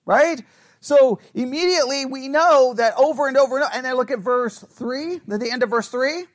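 Male Bible study leader, strikingly high voice, quizzes the class and drums points home by repetition. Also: normal speed. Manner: asks the group questions, repeats phrases for emphasis. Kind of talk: interactive Bible study lesson.

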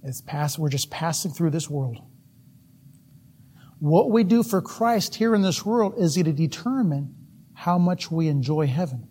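A man's voice: fairly high pitch, animated, measured pace, darkish tone, breathy edge. A middle-aged man preaching a sermon, telling folksy stories about himself and laughing at his own mishaps. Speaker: missionary preacher.

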